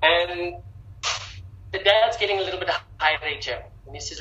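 A woman guest telling a story in a casual, animated way, often repeating words. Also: on the low side, moderate pace, pauses often, reverberant, lo-fi sound, slight background noise.

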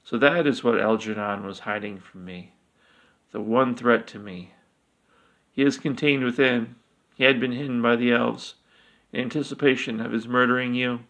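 A man's voice: mid-range voice, fairly even intonation, moderate pace, a bit bright, lightly acted. A man voicing a bulky, menacing male god who speaks with scornful authority. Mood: gloating. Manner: authoritative, bellowing and crooning.

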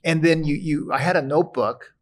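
A middle-aged man with a slightly raised speaking pitch talks as a podcast guest. He tells his stories earnestly and candidly, slipping into quoted voices and laughing asides. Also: brisk. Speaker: podcast guest, restaurant founder. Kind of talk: candid conversation.

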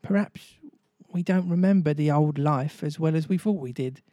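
A man reading a storybook aloud, voicing a gentle, motherly young girl who speaks softly and earnestly. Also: fairly high pitch, moderate pace, no echo, clean studio sound, natural voice.

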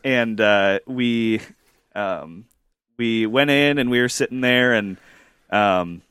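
A man co-hosting a podcast, telling stories in a rambling casual way with many fillers and pauses. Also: medium pitch, fairly bright tone, clean tone, no echo, studio quality. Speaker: podcast co-host. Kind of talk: casual storytelling chat.

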